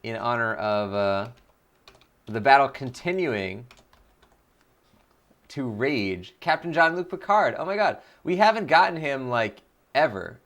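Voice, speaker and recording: A man streaming a video game live, chatting casually and excitably with viewers in quick bursts. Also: medium pitch. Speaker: streamer, game let's-player.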